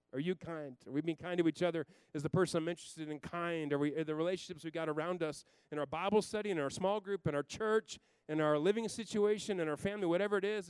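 Smooth-voiced man preaching emphatically. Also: fairly high pitch, no echo. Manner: emphatic, swinging from loud to hushed. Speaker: pastor. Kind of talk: sermon.

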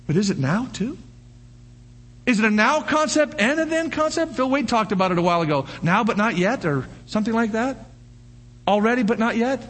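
An older man preaching a sermon, firing off rhetorical questions and breaking into animated shouts. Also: high voice, breathy edge. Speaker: pastor.

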